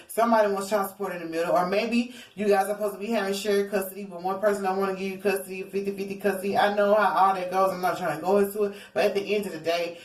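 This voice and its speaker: A woman giving a casual tarot reading to her viewers, rambling and theatrical, often calling them y'all. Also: medium pitch. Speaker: tarot reader. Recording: roomy echo, distant from mic.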